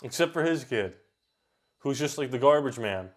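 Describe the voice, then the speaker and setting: A man of ordinary middle pitch chats his way through a reaction video. He talks straight back at the screen in an offhand way, with quick outbursts. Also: animated. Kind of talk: casual reaction commentary.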